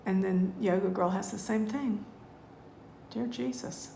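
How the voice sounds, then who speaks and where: A woman, teaching a live online spiritual class in a gushing, heartfelt way with drawn-out thank-yous. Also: medium pitch, gravelly, warm tone, a little hiss or hum. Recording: echoey room.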